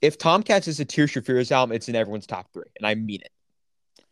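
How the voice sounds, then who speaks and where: A man's voice: mid-range voice, lively intonation, a little fast, a bit bright, no echo. Enthusiastic man on a podcast, very dry sound. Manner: enthusiastic, opinionated, lots of fillers. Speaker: podcast co-host. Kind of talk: casual chat.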